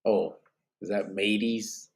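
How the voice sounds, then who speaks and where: A man's voice: on the low side, fairly even intonation, takes it slowly, creaky, darkish tone. A man hosting a live podcast, reading out chat comments in a loose, rambling way with bits of Spanish slang, sounding tired and yawning. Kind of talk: casual live-stream chat.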